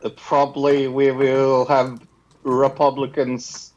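A man co-hosting a podcast in casual chat, unhurried and laughing along with short agreeing replies. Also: medium pitch, completely flat delivery, highs cut off. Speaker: podcast co-host.

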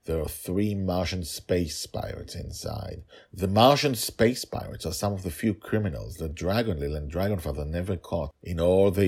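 A man hosting a fantasy story podcast, narrating in an animated way with chuckling asides. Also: low voice, creaky, slightly rough.

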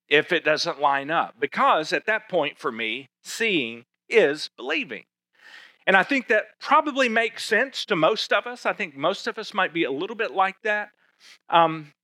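Bright-voiced man preaching conversationally. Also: fairly high pitch, dry recording. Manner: conversational, emphatic preaching with rhetorical questions. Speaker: pastor. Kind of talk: sermon.

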